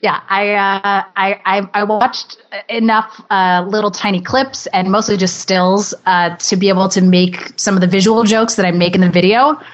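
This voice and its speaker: A bubbly woman guest talks fast and cheerfully in an interview, tumbling through her thoughts with plenty of restarts. Her voice sits at an ordinary, middle pitch. Her manner is playful and self-deprecating. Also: fairly even intonation, muffled recording. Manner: cheerful, babbling, quick to laugh. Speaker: actress guest. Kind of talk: casual interview chat.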